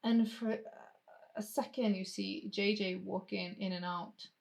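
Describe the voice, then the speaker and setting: A woman running a tabletop game as game master, narrating in a casual, drawn-out way with some swearing. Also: medium pitch, steady tone, creaky, a little mellow.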